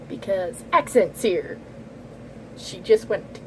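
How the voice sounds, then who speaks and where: A woman's voice: a little high, lively intonation, normal speed, slight background noise, low-quality recording. Giggly woman making self-mocking asides. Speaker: gaming YouTuber. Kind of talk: casual commentary while reading a game.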